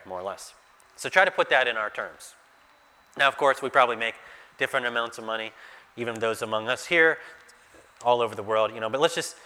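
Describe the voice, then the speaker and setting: A man's voice: medium pitch, sharp tone. Guy preaching, chatty, keeps asking the crowd questions, long echoey hall sound. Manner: conversational, asks the listeners rhetorical questions. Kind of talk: sermon teaching through a Bible passage.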